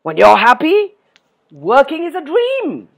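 A woman voicing a furious male walrus leader who shouts and scolds, stretching out his words. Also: sits high, huge pitch swings, slow pace, vocal fry, voice pushed up, full character voice.

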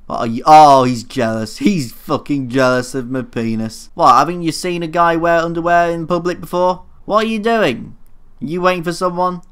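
A man's voice: a little high, moderate pace, clear, resonant tone. A young man commenting casually on his own gameplay, flustered, swearing a lot and mocking himself. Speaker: gaming YouTuber. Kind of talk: casual let's play commentary.

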